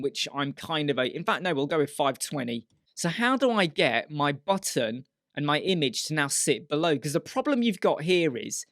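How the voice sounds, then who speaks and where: A man teaching a web design software tutorial in a chatty, step-by-step way, often voicing the questions a viewer might ask. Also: fairly high pitch, no echo, clean studio sound. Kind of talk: screen-share software tutorial.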